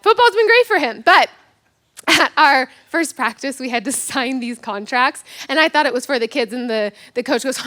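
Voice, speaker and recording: A high-voiced woman pastor in her thirties giving a sermon. Her bright, forceful tone swings up and down as she acts out quotes and pokes fun at herself. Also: normal speed. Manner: animated storytelling with acted-out quotes, self-mocking humor. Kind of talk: sermon with personal story.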